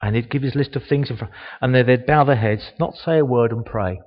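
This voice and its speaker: A man giving a sermon, reading a Bible passage slowly and reflecting on it, growing louder on the quoted lines. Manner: slow, reflective, rises in pitch and volume on quoted speech. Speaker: preacher. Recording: dull, long reverb of a church hall.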